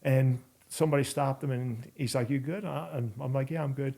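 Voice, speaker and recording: A man in his fifties, a podcast guest telling a rambling, animated story in casual conversation. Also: medium pitch, brisk, creaky. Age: 50s. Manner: animated, rambling storyteller who acts out quotes.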